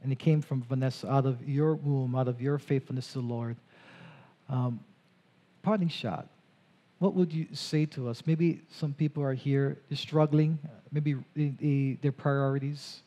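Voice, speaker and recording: A man pastor interviewing a church member onstage during a service, chatty and animated, with quick asides. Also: medium pitch.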